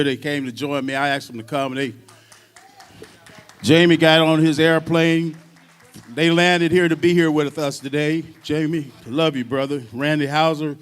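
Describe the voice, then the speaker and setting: A man who plays drums telling a lively, salty story to a symposium audience. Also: a little high. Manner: lively, earthy storyteller who swears casually. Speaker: drummer and panel speaker. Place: university symposium stage.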